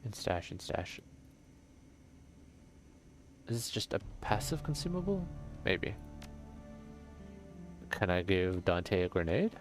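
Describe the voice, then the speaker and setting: A man's voice: deep voice, sing-song, takes it slowly, long pauses, faint music behind. A man casually narrating a role-playing video game and reading its text aloud. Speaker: game master and player.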